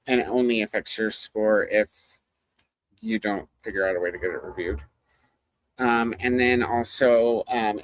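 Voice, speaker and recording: Casual chatter with live viewers comes from a host whose voice sits at medium pitch. They ramble, break into laughter frequently and read out comments, and there's no echo.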